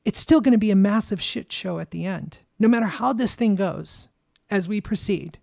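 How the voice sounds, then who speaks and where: Podcast host, young woman: furious, emphatic monologue with plenty of swearing, trembling with anger; dark, gravelly tone. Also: medium pitch, moderate pace, no echo, clean studio sound. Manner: angry, emphatic, swears freely. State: shaking with anger. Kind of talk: impassioned political monologue.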